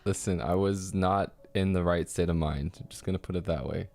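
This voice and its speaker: A man's voice: sits low, fairly even intonation, fairly quick, gravelly. A young man in casual chat, cutting in with sheepish, self-defending remarks. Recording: loud background noise.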